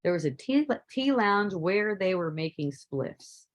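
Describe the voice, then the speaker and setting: Woman telling a story casually, lowish voice. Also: a little slow, poor audio. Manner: laughs often, relaxed and rambling. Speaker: spiritual teacher.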